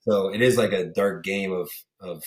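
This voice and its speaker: Young man, podcast guest, casual rambling stories, fairly low voice, echoey room. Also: moderate pace, darkish tone. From Pittsburgh area, USA. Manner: rambling storyteller, acts out quoted voices, many fillers. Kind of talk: casual interview chat.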